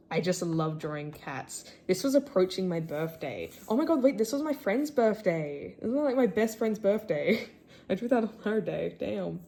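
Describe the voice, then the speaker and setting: A woman's voice: fairly low pitch, a little mellow. A teenage girl from Australia talking casually about her sketchbook, full of "like" and "um", self-deprecating, with squeals of delight over her favourite characters. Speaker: artist showing her sketchbook. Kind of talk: casual chat.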